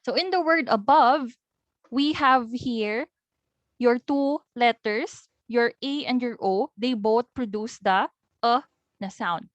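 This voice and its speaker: Filipino-accented young woman, teacher's lesson read, higher voice, dry close recording. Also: slow, no room sound, muffled recording. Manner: explains step by step, mixing in local words.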